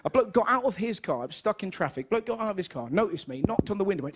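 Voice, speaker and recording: A young man with an English accent doing a lively stand-up comedy routine on stage, telling stories and acting out his mother's lines. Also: high-pitched, fast, hardly any pauses, slight background noise. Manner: animated storytelling, puts on his mum's voice in quotes. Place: stage in front of a live audience.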